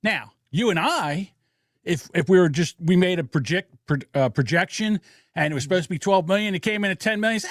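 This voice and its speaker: A man's voice: sits high, brisk, dry recording, clean studio sound. A man hosting a casual political podcast, telling blunt, profane stories about corporate greed. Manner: blunt, profane, animated storytelling. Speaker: podcast host.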